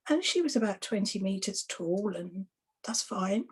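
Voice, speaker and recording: A woman's voice: mid-range voice, normal speed, husky. A woman who works as an exorcist and soul rescuer, casually telling anecdotes about her past client sessions. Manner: relaxed, chatty, recounting past client sessions.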